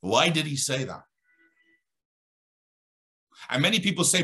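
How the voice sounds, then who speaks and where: A man telling a religious story as a guest speaker, animated and dramatic, building emphasis as he goes. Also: on the high side, normal speed, long pauses. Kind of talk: storytelling in an Islamic talk.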